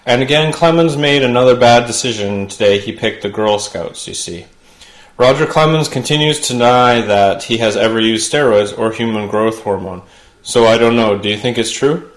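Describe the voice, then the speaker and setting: A man's voice: mid-range voice, normal speed. Man delivering a punchy comedy monologue. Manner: punchy joke delivery, chatty asides. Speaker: late-night talk show host. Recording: roomy studio sound.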